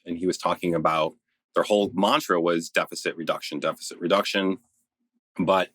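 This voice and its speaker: A financial planner in his forties guest-hosts a podcast, explaining things in an easygoing way and laughing often during the casual chat. His voice is low-pitched and a bit bright, with no room sound.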